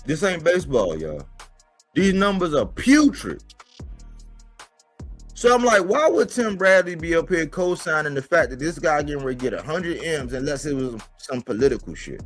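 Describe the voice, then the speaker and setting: A man's voice: fairly high pitch, sing-song, normal speed, soft background music. A man hosting a boxing commentary livestream, talking in an emphatic, slangy way and repeating points for stress. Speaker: boxing commentator and show host.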